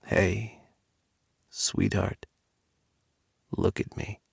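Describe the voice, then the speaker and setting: Man doing a dominant tender male lover, deep breathy near-whisper, slow commanding murmur, dry close sound. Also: no echo, full character voice. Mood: gentle. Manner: growling and commanding, softening to gentle murmurs. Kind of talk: audiobook dialogue.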